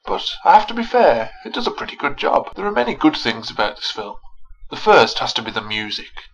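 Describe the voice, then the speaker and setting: Male film reviewer, husky voice, sarcastic and animated delivery. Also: mid-range voice, a little fast, rough recording. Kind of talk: scripted video review narration.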